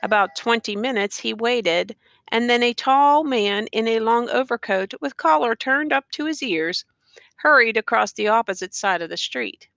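Bright-voiced woman reading a story. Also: on the high side, moderate pace, gravelly, no room sound. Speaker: audiobook reader. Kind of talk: reading a short story aloud.

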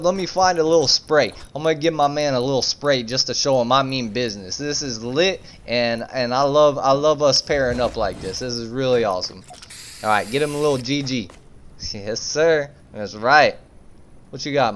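A man telling a story in laid-back, slangy gameplay commentary, breaking into bursts of excitement. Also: mid-range voice. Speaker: gaming YouTuber.

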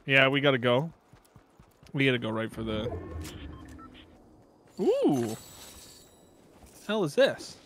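A man streaming a video game, chatting casually with a teammate and reacting with quick exclamations. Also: mid-range voice, wildly swooping pitch, a bit bright, a little hiss or hum. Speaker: streamer playing a battle royale game. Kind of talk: casual gaming chat.

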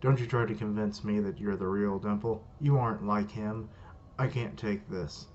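A man's voice: fairly low pitch, fairly even intonation, moderate pace, darkish tone, a little hiss or hum, close to an everyday voice. A man reading a blunt, stubborn psychic boy. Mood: defiant. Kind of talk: reading manga dialogue aloud. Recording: muffled lo-fi recording.

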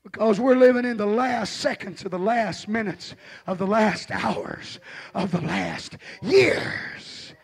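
Preacher guy hollering in church, real high gravelly voice. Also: slow pace. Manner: hollering preacher rising to shouted refrains. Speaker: pastor. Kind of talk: shouted revival sermon.

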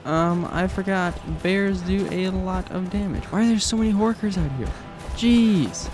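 A man's voice: high voice, a little slow. A man casually commenting while playing a video game, joking and talking back to the characters on screen. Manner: jokey, chatty, talks to the game characters. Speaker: gamer playing through a game. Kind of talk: let's play commentary. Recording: game music playing underneath. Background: game music.

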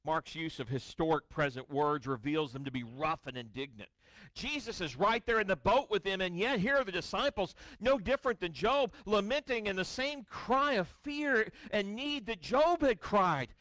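Male pastor, sermon; high and very expressive, booming then hushed, dramatic scripture reading. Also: unhurried, dry recording. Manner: storytelling with wry asides. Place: church sanctuary.

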